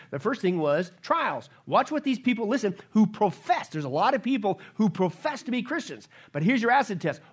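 A man preaching a sermon as pastor, emphatic, often asking the congregation questions and answering them himself. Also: high-pitched. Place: church sanctuary.

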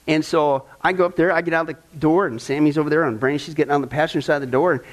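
A man's voice: a little high, fairly even intonation, very fast. A middle-aged man, a pastor, teaching Scripture in a loose, storytelling way, full of fillers and repeated words, often asking "right?" and "okay?". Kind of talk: Bible teaching.

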